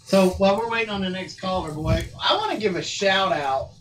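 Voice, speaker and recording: Homesteader, man, rambling storyteller, a bit high-pitched, heard from a distance. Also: brisk. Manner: rambling storyteller, Southern turns of phrase. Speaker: homesteader guest on a call-in show. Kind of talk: casual chat.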